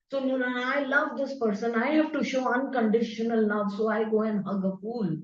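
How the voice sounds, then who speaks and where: A woman's voice: on the high side, steady tone, normal speed, hardly any pauses. A woman, earnestly explaining scripture to a class and tossing in tag questions like "no?". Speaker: spiritual teacher. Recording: roomy, distant, dull-sounding.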